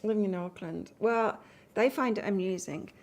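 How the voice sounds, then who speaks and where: A woman's voice: mid-range voice, normal speed, darkish tone. A woman from England doing a live tarot reading, chatting casually and reading out cards while answering viewer comments. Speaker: tarot reader.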